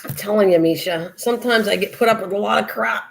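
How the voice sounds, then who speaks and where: A woman's voice: mid-range voice, fast, gravelly, slight background noise. An older woman hosting a casual craft livestream, chatting in a rambling way and laughing often as she talks to viewers by name.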